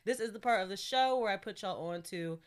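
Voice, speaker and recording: A woman's voice: medium pitch, fairly quick. A young woman hosting her own podcast in a casual, candid solo chat, talking freely and laughing often. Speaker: podcast host.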